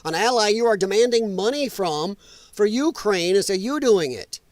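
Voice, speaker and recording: A man's voice: high-pitched, animated, moderate pace, dry recording. A man hosting a casual political livestream, talking loosely and profanely, laughing often and answering chat comments. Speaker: livestream host.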